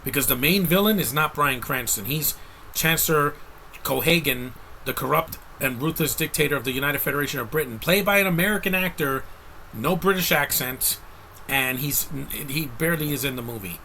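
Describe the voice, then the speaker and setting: A man's voice: fairly high pitch, lively intonation, a little fast, bright, forceful tone, a little hiss or hum, poor audio. A man giving a casual, rambling movie review rant, blunt and exasperated, with frequent restarts.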